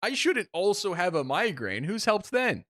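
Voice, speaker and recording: A man in his twenties co-hosting a casual podcast, ranting and joking in an animated way. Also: high-pitched, moderate pace, no room sound, clean studio sound. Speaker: podcast co-host. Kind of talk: casual chat.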